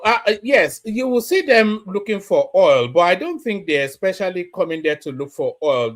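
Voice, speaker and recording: Lively man reading news. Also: fairly high pitch. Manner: measured, explaining with many fillers. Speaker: host. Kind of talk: news commentary.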